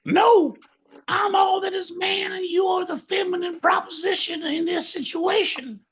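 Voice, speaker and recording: A shrill, shouty boastful guy. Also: steady tone, measured pace, full character voice. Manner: shouty, hyped. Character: brash boastful male lightning-round guest.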